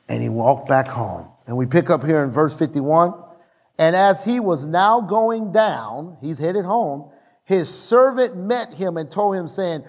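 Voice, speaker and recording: A man preaching a sermon as pastor, emphatic, slowing down on key phrases and swinging high for emphasis. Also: lively intonation, darkish tone.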